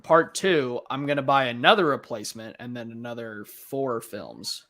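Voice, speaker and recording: A man chatting casually on a movie watch-along, talking in halting bits with many fillers. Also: medium pitch, lively intonation, fairly bright tone. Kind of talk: casual chat.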